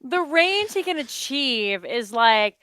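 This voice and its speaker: A woman co-hosting a meme reaction video, telling rambling, animated stories with casual swearing. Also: high-pitched, slow pace, slight background noise. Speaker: co-host reacting to memes. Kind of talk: casual chat.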